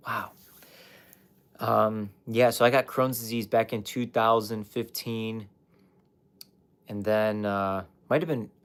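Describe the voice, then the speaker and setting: A young man with a fairly low, slightly bright voice candidly shares his personal story on a livestream. A life coach streamer, he swears at times and addresses his chat directly.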